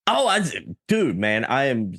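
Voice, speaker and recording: A man co-hosting a podcast, reading out supporter names with laughs and quick apologies. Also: mid-range voice, wildly swooping pitch, fairly bright tone. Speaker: podcast co-host. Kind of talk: casual podcast chat.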